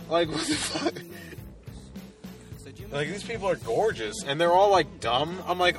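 A man's voice: on the high side, big pitch swings, moderate pace, long pauses, fairly bright tone. Young male co-host, rambling crude comic, filler-heavy, music bed underneath. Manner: rambling, filler-heavy, laughing at own jokes. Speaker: podcast co-host. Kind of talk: crude comedic banter.

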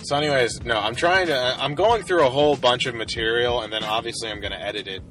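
A man's voice: medium pitch, quick pace, fairly bright tone, soft background music. A young man casually telling a rambling, profane story full of "like," as a podcast co-host. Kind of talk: casual chat.

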